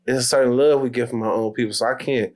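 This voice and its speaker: A man's voice: medium pitch, fairly even intonation, fast, darkish tone. A young adult man from Wisconsin, a barber, telling stories in a candid, slangy, laid-back way as an interview guest. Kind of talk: casual interview chat.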